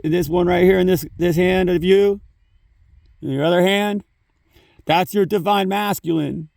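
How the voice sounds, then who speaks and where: A man's voice: high-pitched, creaky, a little mellow, dry recording, studio quality, distant mic. A man giving a casual spiritual talk on his phone, rambling, swearing freely and saying "you know" often. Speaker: spiritual vlogger.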